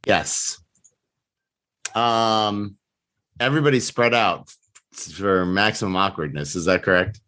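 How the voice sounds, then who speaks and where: Male player, fairly low voice, measured and wry. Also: bright, forceful tone. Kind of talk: playing a tabletop game.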